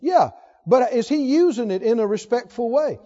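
A man's voice: extremely high pitch, expressive, normal speed, warm tone. A man preaching a sermon who puts rhetorical questions to his congregation. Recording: long hall reverb, dull lo-fi sound.

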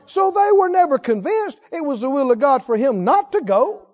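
A fervent male preacher exhorts his congregation and keeps asking for responses. His voice is strikingly high and very animated. The recording sounds dull and lo-fi. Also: normal speed, hardly any pauses. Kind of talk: sermon.

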